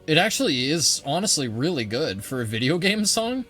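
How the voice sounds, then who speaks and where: A man's voice: on the high side, very animated, moderate pace, a bit bright, soft background music. Joking, foul-mouthed man narrating a game. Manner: joking, profane, reads in-game text aloud. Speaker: gaming video creator. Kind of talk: let's play commentary.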